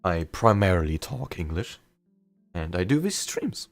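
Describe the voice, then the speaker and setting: A young man with a light German accent, talking loosely and a bit self-deprecatingly to his stream audience. His voice sits very low. The sound is dry and close, with no room to it. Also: sing-song, a little slow, gravelly, dry recording, soft background music. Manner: chatty, rambling, self-deprecating. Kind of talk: casual chat during a live game stream.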